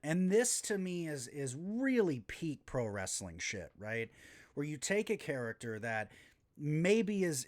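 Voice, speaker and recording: A male podcast host recapping wrestling on his own in a loose, casual way. His voice sits at a middle pitch but leaps up and drops low all the time, with bursts of loudness and plenty of swearing. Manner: animated and profane, with sudden swings in pitch and volume.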